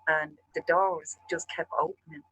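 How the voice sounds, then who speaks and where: A man hosting a chat show, telling a rambling, profane story in an animated way. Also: fairly high pitch, moderate pace, slightly rough, no room sound, rough recording. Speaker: show host.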